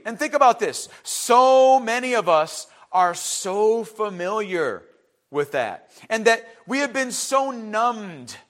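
A man, preaching an impassioned sermon that builds to shouting. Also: very high-pitched. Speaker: pastor.

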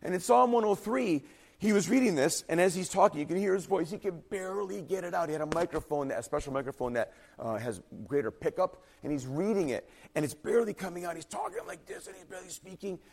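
An earnest male pastor delivers a sermon with fervent emphasis, his voice a touch higher than most men's. At moments his voice falters and sinks to a quiet, husky tone. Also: expressive, fast talker. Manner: earnest, emphatic preaching with rising intensity.

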